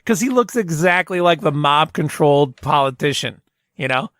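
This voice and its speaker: A man's voice: a little high, expressive, moderate pace, fairly bright tone, no room sound, studio quality. Rambling male podcast host. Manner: rambling, self-interrupting storyteller. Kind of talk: casual chat.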